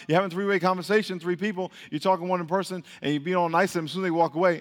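A man preaching with a slightly high voice, drilling his congregation in call-and-response and firing off repeated prompts. His voice rings out in a hall with a long reverb. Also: steady tone, racing, hardly any pauses, a bit bright.

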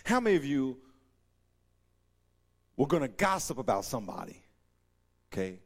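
A man preaching a sermon as pastor, animated, acting out scenes in voices and laughing often. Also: medium pitch, normal speed. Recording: long reverb of a large hall.

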